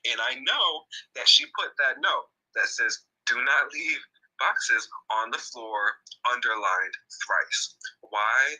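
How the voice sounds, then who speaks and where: A man's voice: medium pitch, bright, forceful tone, husky, low-quality recording. A man who works as a store manager, telling a workplace story in casual chat with gossipy indignation.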